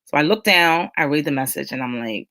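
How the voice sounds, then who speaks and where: A woman's voice: sits low, animated, a little fast, pushed and bright. A middle-aged woman hosting a casual live chat, talking emphatically and reading out viewer comments. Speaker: host of a live chat show.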